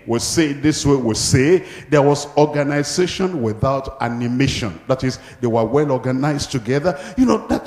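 A man's voice: medium pitch, a little mellow. A male pastor preaching a sermon, emphatic and retelling Bible stories with acted voices. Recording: echoey hall with long reverb.

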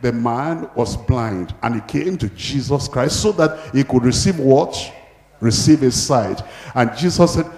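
A man's voice: mid-range voice, lively intonation, unhurried, darkish tone. A male pastor preaching a sermon, emphatic and retelling Bible stories with acted voices. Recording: echoey hall with long reverb.

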